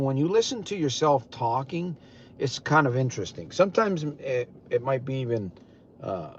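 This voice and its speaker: A man's voice: medium pitch, darkish tone. An older man coaching listeners on a live stream, talking in an earnest, repetitive, preaching way. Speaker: recovery coach. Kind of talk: motivational live-stream talk. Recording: dull lo-fi live-stream audio.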